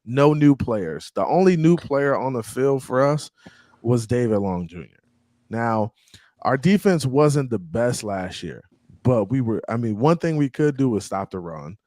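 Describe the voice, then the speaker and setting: A man's voice: medium pitch, expressive, unhurried, warm tone, no room sound. A man hosting a casual chat in an upbeat way, often repeating himself. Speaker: host.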